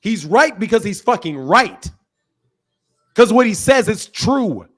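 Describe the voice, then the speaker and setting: A man hosting a heated online debate, his voice pitched high and swinging widely as he hammers the same point again and again. He swears freely and cuts across the other speaker without letting up. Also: big pitch swings, slow pace, a bit bright. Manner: combative, repeats himself, swears, talks over the caller. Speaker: boxing channel host.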